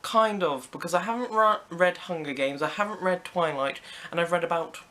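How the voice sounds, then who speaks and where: Bright-voiced British teenage boy vlogging. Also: on the high side, normal speed. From Britain. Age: teens. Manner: chatty and playful, with jokey asides. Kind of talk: casual Q&A to camera.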